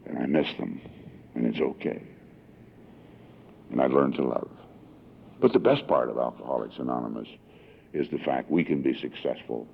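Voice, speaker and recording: His very deep, gravelly voice is expressive and moves at a normal speed, pausing often, with a little hiss or hum present. A Southern California man in his sixties, he gives an emotional, heartfelt testimony at a recovery meeting, preserved on tinny lo-fi 1982 archive tape.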